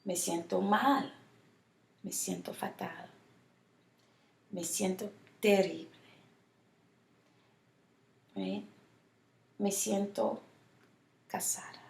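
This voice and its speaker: A woman teaching a Spanish lesson from home, drawing out model phrases slowly so students can repeat them. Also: mid-range voice, animated, gravelly, fairly bright tone. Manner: slow, drawn-out model phrases for repetition. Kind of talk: online language lesson. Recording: echoey room.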